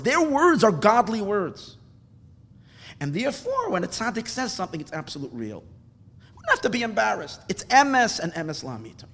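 A man's voice: a little high, husky, in a large hall. A man giving an impassioned Torah class as a rabbi, speaking emphatically and mixing in Hebrew and Yiddish terms. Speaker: rabbi teaching Hasidic thought.

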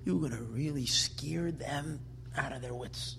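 A man giving a religious lecture, telling stories with animated, emphatic delivery that builds to forceful peaks. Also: medium pitch, unhurried, creaky, a little hiss or hum. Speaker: Torah teacher.

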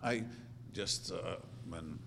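A middle-aged man giving an earnest, repetitive religious teaching, with sudden jumps in pitch. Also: slow pace, creaky, sharp tone. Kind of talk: Torah class sermon. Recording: roomy hall reverb, faint noise.

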